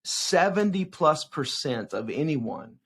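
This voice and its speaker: A man in his forties, a youth evangelist, answering interview questions as an animated storyteller who keeps checking in with "right?". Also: on the high side, slow, breathy edge.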